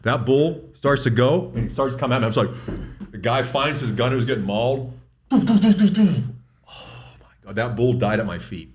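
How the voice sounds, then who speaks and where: A middle-aged man telling a hunting story in casual conversation, fast and profane, stumbling over repeated words when he gets excited. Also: medium pitch. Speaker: guest doctor.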